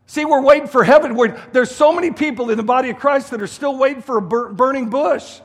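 High-pitched preaching man, echoey hall. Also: fast talker, breathy edge. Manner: emphatic, repetitive preaching with restarts. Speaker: guest pastor. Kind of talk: sermon. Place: church hall.

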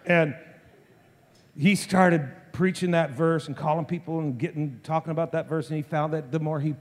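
A man in his fifties preaches a sermon as a story, stumbling over restarts and repeated words. His voice sits a little high for a man. A long reverb of a large hall trails every phrase. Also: steady tone. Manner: halting, full of repeated restarts. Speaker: pastor.

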